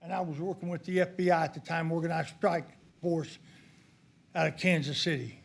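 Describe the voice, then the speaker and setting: Older man at the podium, angry and emphatic, voice pitched high. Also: fairly even intonation, moderate pace, gravelly. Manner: heated, accusatory, emphatic. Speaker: public commenter. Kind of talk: public comment at a county meeting. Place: county commissioners' court meeting room.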